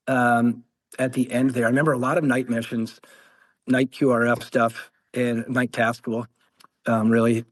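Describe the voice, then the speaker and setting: Animated male veteran storyteller. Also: mid-range voice. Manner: animated, laughs often, acts out quoted voices. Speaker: guest, former Marine. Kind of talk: conversational storytelling.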